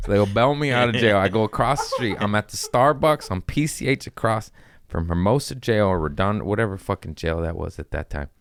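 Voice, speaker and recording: A young man telling a wild story in casual podcast chat, swearing freely and jumping into high voices when he quotes people. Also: a little fast, gravelly, clean tone, dry recording. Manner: animated, acts out quotes with sudden pitch jumps, swears freely.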